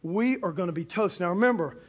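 A man, a pastor, preaching a sermon built around a personal story, talking animatedly and breaking into shouts at the big moments. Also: sits high, brisk, slightly rough. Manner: animated, bursts into shouts for punchlines. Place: church or auditorium with a live congregation.

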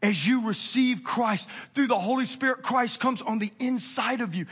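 A male pastor preaching a sermon with fervent emphasis, swinging from near-shouts to hushed, quiet appeals. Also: very high-pitched, moderate pace, hardly any pauses, breathy edge.

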